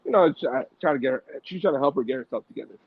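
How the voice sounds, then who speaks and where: A man's voice: medium pitch, expressive, rapid-fire, slightly rough, no echo. A man hosting a podcast, telling a casual story with loose slang, lots of restarts and fillers. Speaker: podcast host. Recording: dry tinny phone-like audio.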